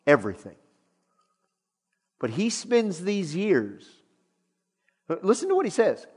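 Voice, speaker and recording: A middle-aged male pastor preaches in an animated, emphatic way, his voice pitched a little high. His sermon rings out with a long reverb, as in a large church sanctuary. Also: slow, breathy edge.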